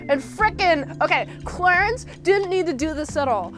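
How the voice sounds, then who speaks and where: High-voiced woman rambling through a movie recap. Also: animated, unhurried, hardly any pauses. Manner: rambling, joking, uses slang like frickin'. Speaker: movie reviewer. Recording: music playing underneath.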